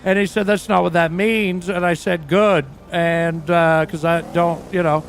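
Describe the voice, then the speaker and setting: A man's voice: high-pitched, flat delivery, measured pace, a little hiss or hum. A man playing a crude, boastful aging rock singer who tells rambling, profane stories in a role-play livestream.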